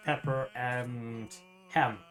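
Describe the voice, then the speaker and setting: A man's voice: mid-range voice, steady tone, very slow, fairly bright tone. A man with a put-on Irish accent chatting casually to his livestream viewers while cooking. He swears often and laughs a lot. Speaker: streamer.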